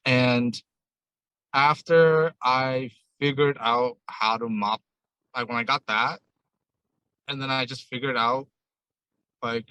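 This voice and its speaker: A man's voice: medium pitch, fairly even intonation, a little slow, pauses often, bright, forceful tone, dry recording, low-quality recording. A man who owns a ramen shop, a guest on a podcast, telling a long story in a casual, rambling way and retelling conversations line by line. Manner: rambling, retells dialogue with many "I'm like".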